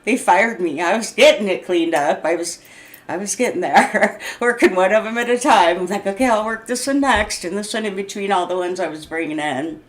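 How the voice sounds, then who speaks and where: A woman's voice: lowish voice, normal speed. Agitated, laughing woman in her sixties. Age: 60s. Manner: agitated, laughs often, profane, rambling restarts. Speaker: vlogger. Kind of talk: unscripted venting monologue.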